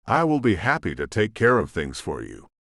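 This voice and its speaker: A young woman with a Southern US drawl calms an angry client, as a male narrator puts her on. Her manner is gentle and soothing, with a lively, lilting pitch. It is read dry and close, like an audiobook. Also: normal speed, gravelly, no room sound, heavily acted. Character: sweet young Southern woman, calm manager.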